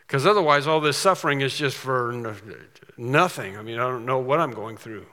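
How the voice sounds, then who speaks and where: A man preaching a sermon in a conversational way, often restarting his sentences and slowing down to read scripture with weight. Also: mid-range voice, sharp tone. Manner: conversational, with repeated restarts and dramatic slowed scripture reading. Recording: long hall reverb.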